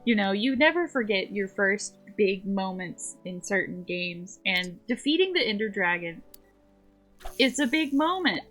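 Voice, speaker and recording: Unhurried, playful woman streamer. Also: medium pitch, lively intonation, fairly bright tone, faint music behind. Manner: playful, rambling, chatty. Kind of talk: casual gameplay chat.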